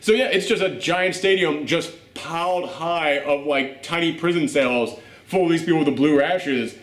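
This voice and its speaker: A man hosting a casual movie reaction chat, animated and profane, laughing often. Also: on the high side, moderate pace. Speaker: host of a movie reaction show. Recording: roomy echo.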